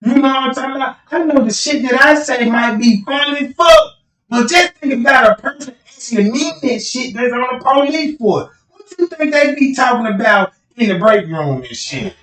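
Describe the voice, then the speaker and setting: A man's voice: very high voice, lively intonation, normal speed, a bit bright, far from the mic. A man doing a rambling, profane livestream rant, repeatedly asking his listeners whether they know what he's talking about. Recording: roomy echo, speaking away from the mic.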